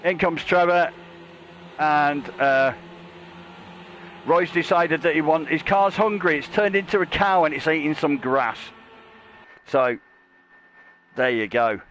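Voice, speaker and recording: A man's voice: slow pace, pauses often, muffled recording, slight background noise. Chatty man calling a sim race. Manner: chatty and jokey, with rambling asides; gets louder and higher at race starts. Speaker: sim racing commentator and stream host. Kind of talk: live esports race commentary.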